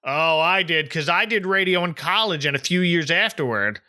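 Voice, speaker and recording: A man's voice: on the high side, animated, normal speed, pushed and bright. A man from southern New Jersey hosting a podcast, casually recapping a cartoon episode in a chatty way. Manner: chatty, recaps scenes and acts out quotes. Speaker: podcast host.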